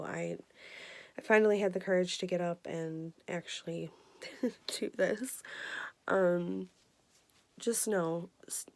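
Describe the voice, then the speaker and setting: A woman in her twenties giving an earnest, emotional personal health update, halting with many fillers. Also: on the low side, creaky, darkish tone. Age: 20s. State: emotional, near tears. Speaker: vlogger.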